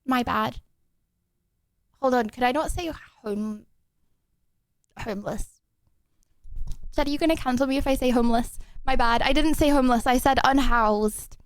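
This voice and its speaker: A woman's voice: high-pitched, moderate pace, pauses often, clean tone, no echo. A young woman streaming live, chatting in a rambling, giggly way full of fillers. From Australia. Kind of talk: casual live-stream chat.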